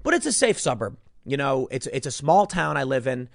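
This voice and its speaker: Man from Chicago, solo commentator, emphatic and rambling, lively pitch, dry close sound. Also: brisk, creaky, dry recording. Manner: emphatic, rambling, repeats words. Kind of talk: opinionated news commentary monologue.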